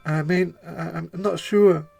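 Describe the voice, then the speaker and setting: A man's voice: on the high side, fairly even intonation, unhurried, gravelly, a little mellow, breathy edge, exaggerated voice. A man voicing a nervous female music store clerk in a video game, stammering and trembling as he reads her lines aloud on stream. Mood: flustered.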